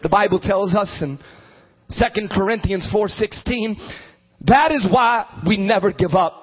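High-voiced bishop preaching with fervor. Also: male voice, measured pace, slightly rough, dull audio. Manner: emphatic preaching, swinging from shouts to low asides. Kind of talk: sermon.

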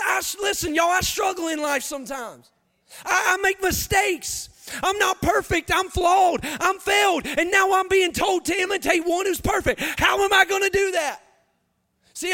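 A man, preaching a sermon with impassioned, confessional energy and loud, half-sung emphasis. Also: extremely high pitch. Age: 30s.

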